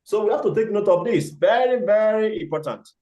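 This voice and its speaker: High-voiced man teaching a scripture class. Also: expressive, fairly quick, warm tone. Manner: repeats key words for emphasis, asks the class questions. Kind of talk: class lecture. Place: temple hall. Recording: echoey hall.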